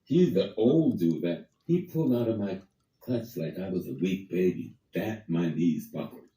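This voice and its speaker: An older man with a low, very dark voice tells a long story in conversation. He acts out every quoted line. He sits well back from the mic in an echoey room. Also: expressive, moderate pace, distant mic. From Harlem, New York. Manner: vivid, acts out quoted dialogue. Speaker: guest storyteller.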